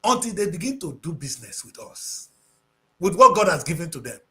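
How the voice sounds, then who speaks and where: A man's voice: on the high side, very animated, fairly quick, fairly bright tone. A man with a Nigerian accent giving passionate, preachy talk-show commentary, slipping into Pidgin English.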